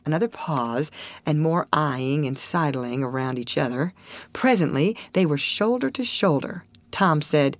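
Expressive woman narrator, lowish pitch, dry close sound, audiobook reading. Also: a little slow, no room sound. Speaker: audiobook reader. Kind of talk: scripted storybook narration.

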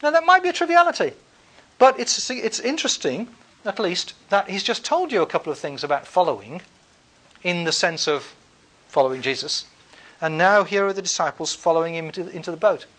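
A man with a high-pitched voice teaching a class in a loose, thinking-aloud way. He fills pauses and restarts his sentences often, and keeps a wry, relaxed tone throughout. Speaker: lecturer. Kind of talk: classroom lecture.

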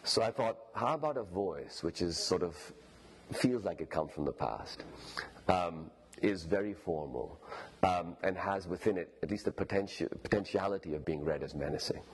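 Deep-voiced Pakistani English novelist lecturing. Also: male voice, expressive, moderate pace, a little hiss or hum. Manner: explanatory, thinking aloud.

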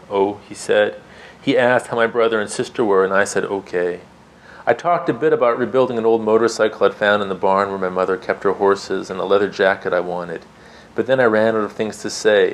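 A man who grew up in Canada and the United States, reading aloud from his memoir in a measured, quiet way. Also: lowish voice, slight background noise, low-quality recording. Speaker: author.

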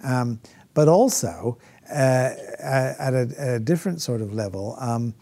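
A man's voice: medium pitch, a little slow, creaky, dark tone. A man lecturing on theology off the cuff, with frequent fillers and restarts, posing rhetorical questions and mimicking critics. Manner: hesitant, many fillers and restarts. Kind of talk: unscripted classroom lecture.

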